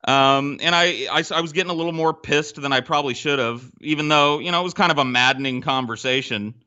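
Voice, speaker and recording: Bright-voiced guy telling a story on a podcast mic, lots of swearing, acts out the quotes. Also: fairly high pitch, fast, clean tone, dull audio. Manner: animated, profane, acts out quotes. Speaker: podcast guest. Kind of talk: casual storytelling.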